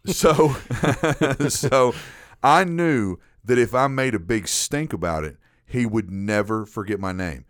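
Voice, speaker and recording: A man hosting a podcast, telling a story in a casual, animated way with frequent repeats. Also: mid-range voice, takes it slowly, no echo, clean studio sound. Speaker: podcast host.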